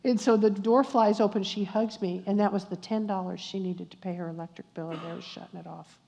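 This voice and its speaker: An older woman with a drawl recounts a testimony, slipping into the voices of the people in her story. Her tone is dark and mellow, heard through a slightly dull recording with a long reverb from the hall around her. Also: mid-range voice, fairly quick, creaky. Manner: animated storyteller acting out dialogue, warm asides to audience. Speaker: guest speaker at a church luncheon. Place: church luncheon hall.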